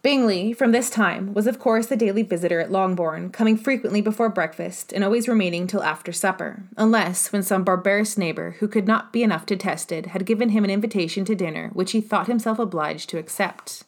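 A woman reading a classic novel aloud as an audiobook narrator, even and measured. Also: mid-range voice.

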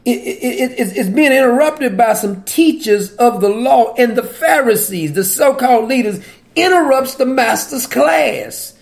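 A man preaching with a high voice. His talk is conversational and teasing. He keeps asking his listeners questions and chuckles at his own points. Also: animated, a little slow, gravelly. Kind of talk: sermon.

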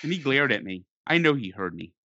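A man telling a sports story in an exasperated, animated way, stumbling over his words and restarting often. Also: medium pitch, brisk, no echo. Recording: dull lo-fi dry recording.

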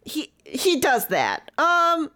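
A woman's voice: high voice, wildly swooping pitch, slow pace, sharp tone, heavily acted. A woman playing an eccentric, rambling sheep farmer in a put-on pirate-like English accent, improvising a comedy sketch. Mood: folksy. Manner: rambling, folksy, trailing off mid-sentence.

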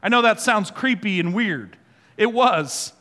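A man preaches from the pulpit in a high, bright, forceful voice, drawing his congregation into call-and-response. His words ring out with a long hall reverb, and soft music plays underneath. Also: animated, measured pace. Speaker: pastor. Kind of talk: sermon. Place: church sanctuary.

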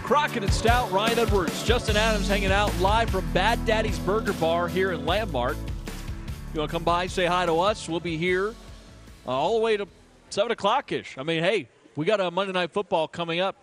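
A man with a high voice hosts a live sports radio show. He is upbeat and laughs easily, and he rattles off plugs and banter with his co-host. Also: fairly quick, loud music behind the voice. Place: live broadcast from a burger bar.

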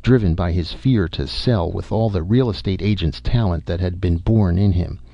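A man reading an audiobook in a steady, even narration, on a dull, dry recording. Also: deep voice, normal speed, vocal fry, no room sound. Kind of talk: scripted narration.

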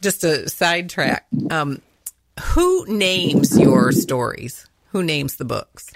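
A woman's voice: low voice, lively intonation, takes it slowly, no room sound. A middle-aged woman hosting an interview podcast, playful and chatty, laughing often. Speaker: podcast host. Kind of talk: casual interview chat.

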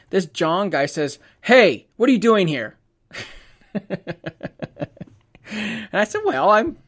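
A man's voice: high-pitched, a bit bright. A man, a photographer, telling a casual anecdote, acting out the dialogue and laughing often as he goes.

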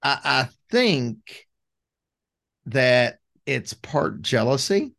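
A man's voice: medium pitch, big pitch swings, drawn-out words, vocal fry, fairly bright tone. A man co-hosting a podcast in an easygoing, rambling casual chat. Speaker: podcast co-host.

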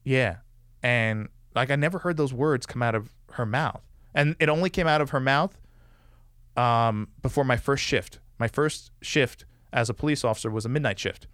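A man's voice: medium pitch, moderate pace, a bit bright, no room sound, clean studio sound. A man telling a personal story in a casual podcast conversation. He talks loosely and fills his sentences with "like" and "you know". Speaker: guest.

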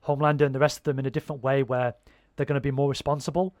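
A man's voice: medium pitch, level tone, rapid-fire, a little mellow, no echo, studio quality. A man in casual chat, rambling and swearing freely as he talks.

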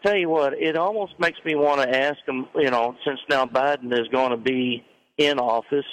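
A man's voice: mid-range voice, normal speed, a bit bright, low-quality recording. A man calling a talk radio show from his vehicle, plainspoken and indignant. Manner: plainspoken, indignant, tells a joke. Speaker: caller.

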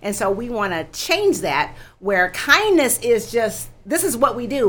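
Lively bright-voiced woman guest. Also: on the high side, measured pace, few pauses, slight background noise. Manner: animated, expressive storytelling, laughs easily. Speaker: guest, founder of a kindness campaign. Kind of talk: talk show interview.

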